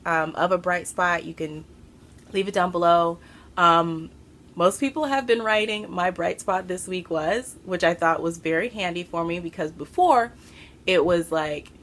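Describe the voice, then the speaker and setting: A woman hosting a craft podcast from home, chatting to camera in an excitable, rambling way and a little out of breath. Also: on the low side. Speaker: podcast host. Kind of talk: casual chat to camera. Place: home room.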